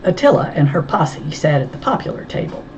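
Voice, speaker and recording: A woman narrating a first-person audiobook in a wry, brisk storytelling manner. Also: deep voice, sing-song, a little mellow, lo-fi sound, slight background noise. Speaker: audiobook reader.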